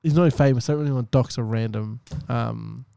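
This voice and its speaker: A man's voice: mid-range voice, a little fast, gravelly, warm tone, clear, resonant tone, dry recording. A young man chatting casually as a podcast co-host, mumbling and teasing in a laid-back way. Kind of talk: casual chat.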